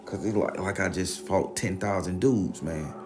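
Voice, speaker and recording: A man telling a story in a casual, animated, profane, slang-heavy way. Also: low voice, moderate pace, background noise.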